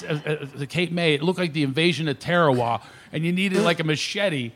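A man's voice: on the high side, brisk. A middle-aged male comedian telling family stories on a talk show, laughing often and acting out other people. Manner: animated storyteller, laughs often, does voices of others. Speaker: comedian guest.

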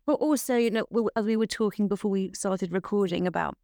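A woman's voice: mid-range voice, fast, gravelly, mellow, dry recording, clean studio sound. A woman hosting a podcast, talking in a reflective, thoughtful way. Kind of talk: casual podcast chat.

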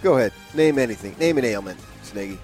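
A male radio co-host who jokes and tells tall stories with a lot of swing in his pitch. His voice sits in the middle range, and faint music plays under it. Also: animated, quick pace, a little mellow. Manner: joking, boastful, storytelling. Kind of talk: morning sports radio banter.

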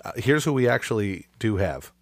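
A man's voice: lowish voice, lively intonation, normal speed, no room sound. A man co-hosting a podcast, telling a story in a casual, rambling way. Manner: rambling storyteller with frequent restarts. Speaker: podcast co-host. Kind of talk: casual chat.

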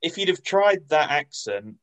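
A man co-hosting a podcast in casual chat, measured and dryly teasing. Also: on the high side, very animated, fairly bright tone, poor audio. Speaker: podcast co-host.

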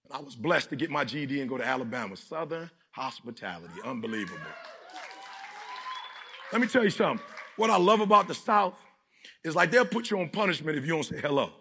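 A man from Detroit giving a motivational speech to a live audience, gravelly and emphatic, often shouting. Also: on the high side, very animated, quick pace, some chatter behind, slight background noise. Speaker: motivational speaker.

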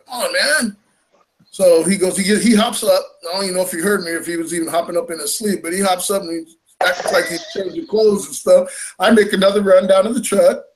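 Man, high voice, animated storyteller who laughs as he goes. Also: fast talker. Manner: animated, laughing, acts out quoted lines. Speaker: fishing tournament angler. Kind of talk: casual storytelling.

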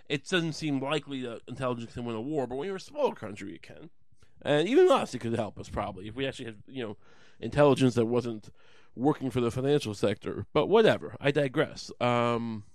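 Guy ranting hard, swearing a ton, sarcastic, mid pitch, dry close mic. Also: dry recording. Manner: profane, heated, sarcastic, with mocking put-on voices. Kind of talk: ranting monologue.

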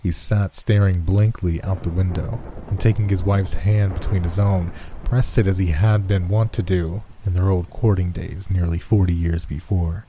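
Male horror story narrator, very deep, dark and husky, somber reading. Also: steady tone, normal speed, hardly any pauses.

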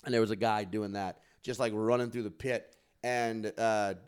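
A man in his forties telling stories in casual podcast chat, animated and profane, acting out quotes in loud bursts. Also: lowish voice, normal speed, clear, resonant tone. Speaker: podcast co-host.

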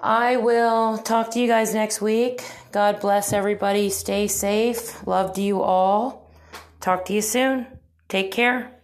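A woman podcast host talking casually to her listeners from a cell phone, rambling with restarts and soft asides. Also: medium pitch, fairly even intonation, takes it slowly. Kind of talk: casual spoken update to listeners.

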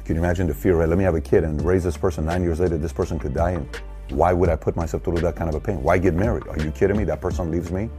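A man in his forties hosts an opinionated commentary show, speaking emphatically and firing rhetorical questions at the listener. His low, steady, mellow voice comes rapid-fire over soft background music.

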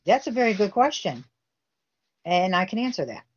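A woman's voice: medium pitch, very animated, normal speed, lo-fi sound. A woman guest telling a family story intensely, acting out the quoted dialogue herself. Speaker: guest recounting a family case. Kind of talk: emotional storytelling interview.

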